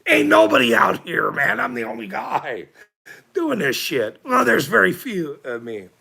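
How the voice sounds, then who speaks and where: Gravelly, sharp-voiced man ranting at chat. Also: a little high, wildly swooping pitch, a little slow. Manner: profane and combative, with frequent laughs. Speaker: livestream host.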